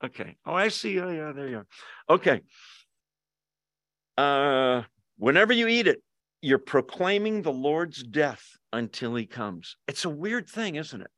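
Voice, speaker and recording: A man teaching a Bible study in a relaxed, jokey way, often tossing questions to his listeners. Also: a little high, measured pace, dry recording. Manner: conversational, jokey, asks the audience questions. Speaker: pastor. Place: church hall, with Zoom viewers.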